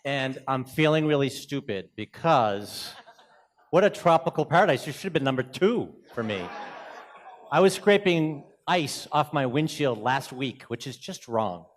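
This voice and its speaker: Energetic Boston man giving a talk. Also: mid-range voice, unhurried, a little hiss or hum. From Boston, USA. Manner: energetic, joking, moves around a lot. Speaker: conference speaker. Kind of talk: lively conference presentation. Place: hotel conference room.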